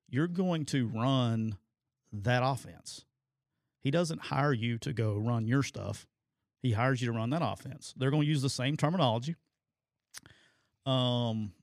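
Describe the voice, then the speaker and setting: A medium-pitched middle-aged man, formerly a football coach, swaps animated stories in relaxed sports talk, often laughing and voicing others loudly. The recording is dry and of studio quality.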